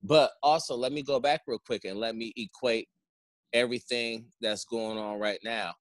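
A man's voice: mid-range voice, fairly even intonation, normal speed, no echo. A man in casual conversation who rambles and often asks "you know what I'm saying". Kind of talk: casual chat.

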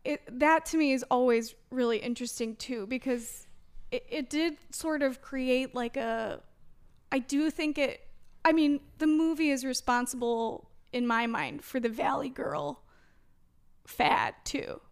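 A woman's voice: sits high, a little slow, smooth. A young woman, a guest on a podcast, chatting casually and eagerly. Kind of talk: casual chat.

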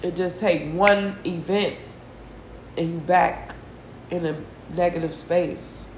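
A distressed, tearful woman hosting a solo confessional podcast, venting slowly and heavily with sighs and a lot of swearing. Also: fairly low pitch, steady tone, echoey room, noisy background. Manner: slow, heavy, profane venting with sighs. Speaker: podcast host.

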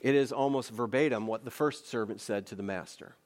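A man's voice: mid-range voice, a little fast. A man preaching a sermon as pastor, earnest and emphatic, with repeated phrases and conversational rhetorical questions.

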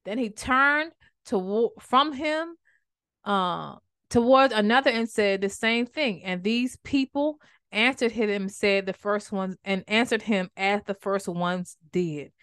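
A woman teaching the Bible on a podcast, animated and conversational, repeating words for emphasis. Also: mid-range voice, slow pace, smooth.

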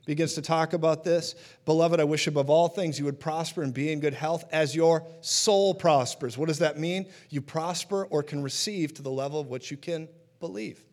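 A man preaching a sermon in a conversational teaching manner, often checking in with his listeners. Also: fairly high pitch.

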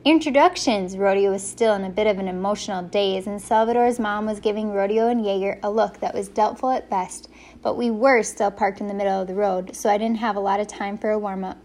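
A woman's voice: medium pitch, little pitch movement, a little fast, a little mellow. Woman narrating an audiobook. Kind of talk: first-person audiobook narration.

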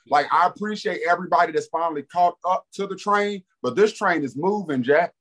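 A man co-hosting a casual sports podcast, talking in an animated, emphatic way and repeating his catchphrases. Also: high voice, fairly quick, hardly any pauses. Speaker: podcast co-host.

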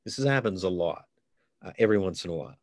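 Appearing as a guest in a laid-back interview, a middle-aged comedian from Canada spins rambling stories and keeps restarting them. He talks fast in a low-pitched voice with lively intonation, recorded clean in the studio with no echo.

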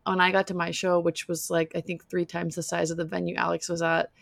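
A woman with a low, gravelly voice chats on a podcast. She tells stories in a loose way, full of "um" and "like". The recording is dry and close. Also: flat delivery, a little fast, dry recording. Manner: chatty storyteller, filler-heavy. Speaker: podcast co-host. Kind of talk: casual chat.

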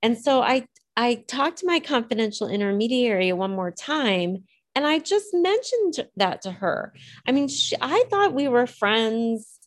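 A woman's voice: a little high, sing-song, measured pace. A woman being interviewed, telling a personal story in a reflective, hesitant way, choosing her words with care. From Illinois. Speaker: interview guest.

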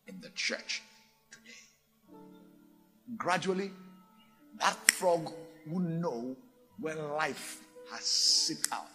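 A man preaching a sermon, animated and theatrical, acting out little voices. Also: on the high side. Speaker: pastor.

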